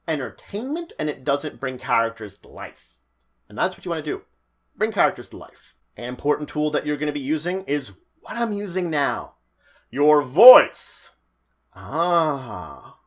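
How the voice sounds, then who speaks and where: A man giving animated, stop-start advice on running a tabletop game as dungeon master. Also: fairly high pitch. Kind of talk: tutorial talk.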